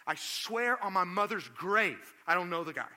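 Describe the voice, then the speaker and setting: A man's voice: high-pitched, expressive, moderate pace, sharp tone, voice pushed up, exaggerated voice. A man voicing a panicked fisherman who keeps insisting he doesn't know someone. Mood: insistent. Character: panicked male fisherman denying a friend.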